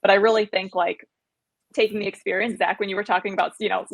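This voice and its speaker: A woman with a slightly husky, mid-pitched voice speaks as a guest on a podcast. She talks earnestly and candidly about her own experience. Her voice is close and dry. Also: level tone, fast talker, no echo, rough recording. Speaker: guest fitness trainer. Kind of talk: casual podcast chat.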